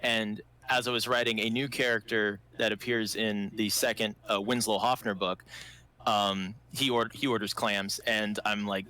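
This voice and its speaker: A man's voice: lowish voice, flat delivery, moderate pace, pushed and bright. A man hosting a casual livestream chat about writing, rambling, with frequent laughs and restarts. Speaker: host, fiction author.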